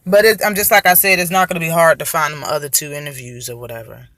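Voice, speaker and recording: A man's voice: a little high, fairly even intonation, fast, sharp tone. A man hosting his own show, giving casual, heated commentary on boxing with a profane, mocking manner.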